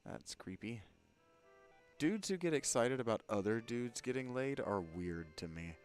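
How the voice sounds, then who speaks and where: A man's voice: mid-range voice, lively intonation, unhurried, soft background music. Wry man playing a game. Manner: wry, sarcastic asides. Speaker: let's play commentator. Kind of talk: casual game commentary.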